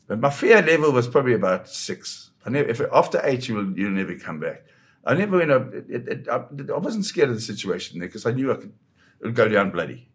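A man, a photojournalist guest, telling a dramatic first-person story in a vivid way. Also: fairly low pitch. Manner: vivid storyteller who slips into quoting voices.

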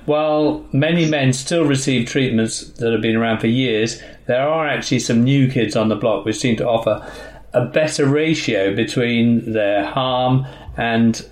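A man, the interviewer, asking a prepared question in a measured, articulate way, recorded in an echoey room. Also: mid-range voice. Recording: roomy, echoey sound.

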